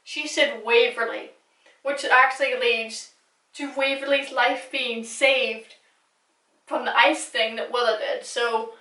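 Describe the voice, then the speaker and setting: A woman's voice: fairly high pitch, pushed and bright. A young woman talking through a casual fan recap, gushing and chatty, swearing now and then. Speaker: recap vlogger. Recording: echoey room, distant mic.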